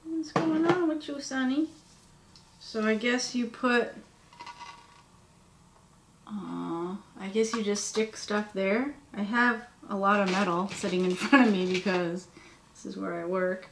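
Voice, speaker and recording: A woman's voice: medium pitch, a little slow, long pauses, background noise. Tired, gushing woman unboxing cute items. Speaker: vlogger. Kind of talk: casual unboxing chat. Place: home workspace. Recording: echoey room with faint ambience.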